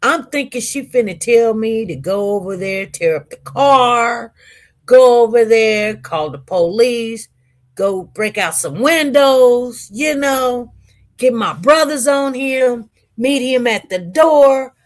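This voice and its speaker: A woman in her forties on the witness stand, telling her personal story in animated, colloquial speech. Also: fairly high pitch, takes it slowly. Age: 40s. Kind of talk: emotional personal testimony.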